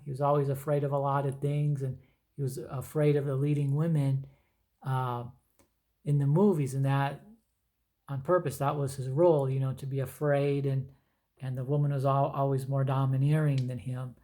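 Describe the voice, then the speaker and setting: A middle-aged man chatting casually as he shows his comic book collection, rambling with lots of fillers. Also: mid-range voice. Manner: rambling, relaxed storytelling with many fillers. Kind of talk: casual show-and-tell chat.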